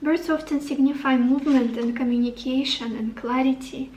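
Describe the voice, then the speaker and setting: A woman's voice: sits high, steady tone, moderate pace, darkish tone, reverberant, far from the mic, slight background noise, rough recording. A woman giving a tarot reading to the camera, upbeat and encouraging, thinking aloud as she turns over cards. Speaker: tarot reader.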